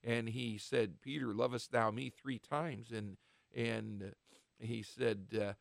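A man hosting a Christian radio talk, teaching the Bible in an earnest, halting way with many restarts. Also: mid-range voice, steady tone, vocal fry, no echo, clean studio sound. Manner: acts out short quoted voices of the devil and apostles.

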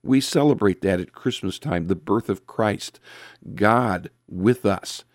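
A man preaching a sermon in an earnest way, quoting scripture and often pausing with fillers and restarts. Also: fairly low pitch, no room sound, clean studio sound.

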